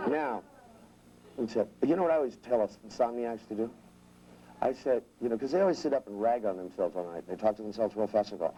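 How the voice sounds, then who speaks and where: Mellow-voiced man joking through a seminar. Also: on the low side, lively intonation, normal speed, pauses often, lo-fi sound, slight background noise. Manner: joking, irreverent asides; rambling, restarts mid-sentence. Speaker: seminar trainer. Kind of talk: live seminar lecture.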